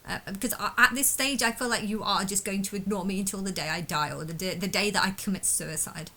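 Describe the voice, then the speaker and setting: A woman's voice: medium pitch, fast talker, bright, forceful tone, rough recording. A woman talking alone to camera in an unscripted monologue, angry and distressed, ranting bitterly and swearing often. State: emotionally distressed. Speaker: vlogger.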